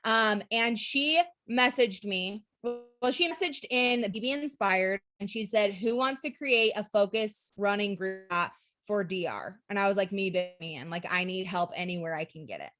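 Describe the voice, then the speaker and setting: A young woman from Utah tells her story straight to camera, chatty and unfiltered. She peppers her talk with "like" and "literally" and swears without a second thought. Her voice sits at an ordinary middle pitch for a woman. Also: normal speed, a bit bright. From Utah, USA. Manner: candid, swearing, lots of "like" and "literally". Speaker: network marketing seller.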